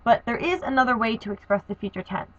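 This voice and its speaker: A woman's voice: a little high, animated, fast talker, fairly bright tone. A woman teaching a grammar lesson, explaining verb forms methodically and spelling out endings letter by letter. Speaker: Spanish teacher. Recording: dull, dry lo-fi recording.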